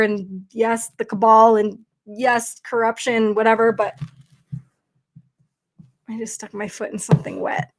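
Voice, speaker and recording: A woman hosting a casual livestream, talking chattily and rambling with lots of fillers into her computer mic. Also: fairly high pitch. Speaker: livestream host.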